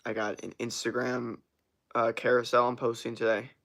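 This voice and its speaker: A young man chatting casually on a morning livestream, loose and rambling, swearing often, with a rough morning voice. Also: mid-range voice, flat delivery, moderate pace, fairly bright tone. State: morning voice, sore from workout. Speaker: streamer.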